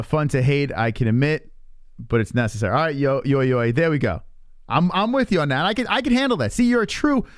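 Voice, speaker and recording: A man's voice: medium pitch, no room sound, clean studio sound. A man hosting a live stream, chatting casually and teasing his chat with lots of swearing. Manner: profane, teasing, rambling with restarts.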